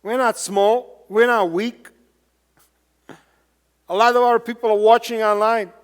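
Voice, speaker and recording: Male pastor with a high voice, preaching emphatically in a reverberant church hall. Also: steady tone, a little slow, clear, resonant tone. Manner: emphatic preaching with repeated rhetorical questions. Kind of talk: sermon. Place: church sanctuary.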